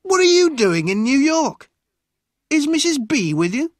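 A reader voicing a loud, jovial fat man who calls out in an excited, booming greeting. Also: a little slow, no echo, studio quality.

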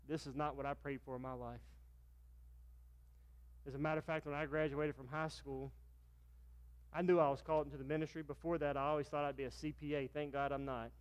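A man's voice: on the high side, flat delivery, fairly quick, pauses often, clear, resonant tone. A middle-aged man, a pastor preaching a sermon and telling stories, acting out the dialogue in them. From Virginia, US. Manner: storytelling, acts out dialogue with raised voice.

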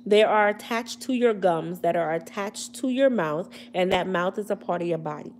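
A woman's voice: lowish voice, moderate pace. Woman doing a hair care live, slangy and funny, talking to viewers, bit of hum in the back. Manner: chatty, comedic, slangy, addressing viewers directly. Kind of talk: casual livestream talk.

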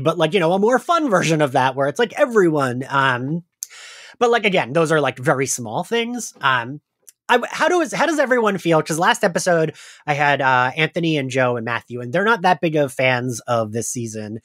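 A man's voice: on the high side, expressive, moderate pace, fairly bright tone, no echo. Male podcast host, stuffy-nosed, chatty storyteller; dry close mic. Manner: chatty storyteller, acts out quoted friends. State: congested from crying. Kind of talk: casual chat.

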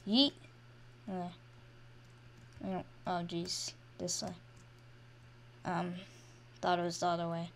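A woman hosting her own channel chats casually over her gameplay, getting excited and swinging between quiet mumbles and loud, high-pitched shrieks. She talks slowly with frequent pauses, and there's a faint hiss or hum in the background.

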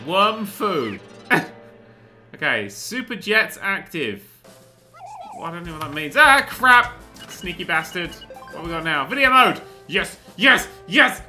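A man giving rambling, excitable gameplay commentary and swearing often as he plays. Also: a little high. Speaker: let's play host.

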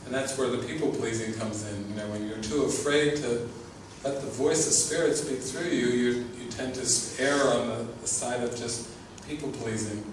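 A man's voice: mid-range voice, fairly even intonation, normal speed, few pauses. A man giving an informal spiritual talk as a teacher, earnest and often laughing, repeating his words. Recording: echoey, distant mic with background noise.

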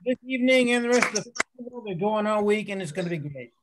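A man hosting a comedy show, wrapping up the night with loose, halting announcements from the stage. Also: sits high, lively intonation, very noisy. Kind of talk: closing announcements.

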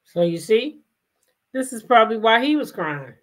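A woman's voice: fairly high pitch, sing-song, normal speed. Emphatic woman host firing rhetorical questions. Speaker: commentary host. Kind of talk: casual drama commentary.

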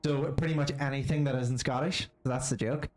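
A man's voice: mid-range voice, fairly even intonation, a little fast, soft background music. A young man, chatting casually and joking over a game he is playing, laughing and swearing often. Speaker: co-host of a gaming channel. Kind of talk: casual let's-play commentary.

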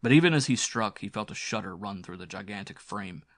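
A male narrator reading pulp horror aloud, building dread with dramatic intensity. His voice sits low and full. The recording is close and dry, with no room sound. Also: animated, fairly quick, a bit bright, no room sound. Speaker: audiobook narrator.

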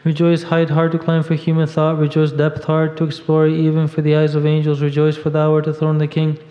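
A man reading liturgical hymns aloud in a steady, even recitation at a church service, now and then stumbling over a word. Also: on the high side, a little fast. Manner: steady monotone recitation with small slips. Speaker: reader at a monastery service. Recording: dull echoey church audio.

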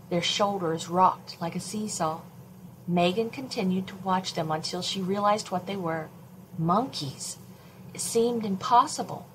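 Slow, expressive woman reading aloud. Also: medium pitch, a little hiss or hum, rough recording. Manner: slow, expressive storytelling delivery. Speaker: children's librarian. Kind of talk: reading a novel chapter aloud.

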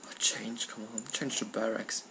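A man with a German accent gives live commentary on a late-night strategy game session, swearing often and venting at the computer in frustrated bursts. The recording is very noisy; his voice is fairly low and steady, with vocal fry, at a moderate pace.

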